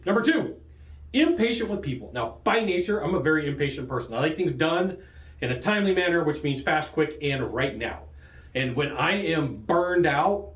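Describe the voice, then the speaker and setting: A man hosting a sales training show, coaching in an energetic, joking way and laughing often. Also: fairly quick. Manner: lively, jokey, laughs often, big pitch jumps. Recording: roomy echo.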